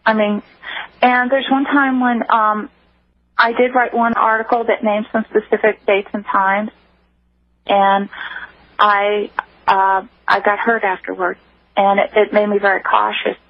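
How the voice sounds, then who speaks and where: A woman guest on a radio call-in show, recounting her own story in an earnest, halting way with many restarts. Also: mid-range voice, little pitch movement, dry recording. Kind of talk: personal account on a call-in show. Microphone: telephone. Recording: muffled phone line.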